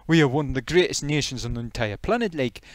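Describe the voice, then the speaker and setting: A man's voice: medium pitch, expressive, fast talker, dry recording, clean studio sound, natural voice. A man voicing a bristling Geordie potato. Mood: indignant. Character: cocky male potato from Newcastle, touchy and proud. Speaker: co-presenter. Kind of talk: comedic puppet live stream.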